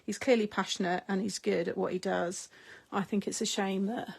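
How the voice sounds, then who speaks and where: A middle-aged woman chats away to her viewers while she crafts. Her voice is gravelly and a little husky. She rambles, laughs often and lets sentences trail off. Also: mid-range voice, steady tone, moderate pace. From United Kingdom. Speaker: craft live-stream host. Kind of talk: casual chat while crafting, replying to viewer comments.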